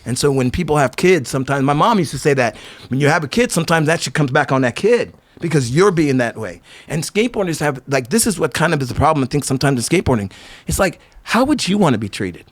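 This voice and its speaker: A man's voice: fairly high pitch, fast. A middle-aged man, a skateboarder and company owner, telling rambling stories as a podcast guest, full of "like" and restarts. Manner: animated, rambling, lots of "like" and restarts. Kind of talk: casual storytelling interview.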